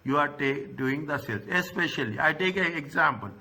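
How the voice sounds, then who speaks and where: A man's voice: on the high side, expressive, fairly quick, sharp tone. A middle-aged man teaching an accounting lecture, repeating himself and checking in with frequent "okay?" asides. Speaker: accounting tutor. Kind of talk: recorded lecture.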